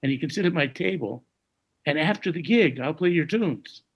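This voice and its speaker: A man in his sixties telling stories as a jazz musician in an interview, dropping to a hush when he quotes others and scatting tunes now and then. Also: fairly high pitch, animated, normal speed, low-quality recording. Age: 60s. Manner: gravelly, hushed when quoting others, scats melodies. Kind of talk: conversational storytelling.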